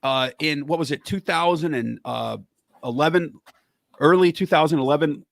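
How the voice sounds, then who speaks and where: A man's voice: fairly high pitch, normal speed, creaky, no room sound, clean studio sound. A man hosting a podcast, angrily ranting about politics and swearing heavily. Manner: angry, heavy swearing, worked up. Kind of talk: profane political rant.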